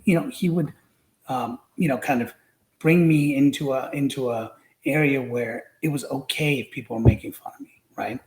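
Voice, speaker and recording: A man talks through his memories as a podcast guest, circling back and restarting often. His voice sits at an ordinary middle pitch. The room around him rings with echo. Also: normal speed, darkish tone. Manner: rambling, many fillers and restarts. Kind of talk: casual storytelling.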